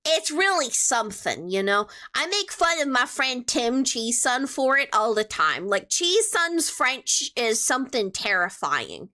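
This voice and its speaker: Young woman, streamer, casual chat, playful and teasing, very animated pitch. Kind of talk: casual chat answering viewers.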